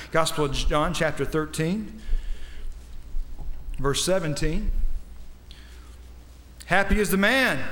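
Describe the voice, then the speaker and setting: High-voiced preacher in a reverberant hall. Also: male voice. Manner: builds from quiet scripture reading to emphatic, rising climaxes. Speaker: pastor. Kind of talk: sermon. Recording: long reverb of a large hall.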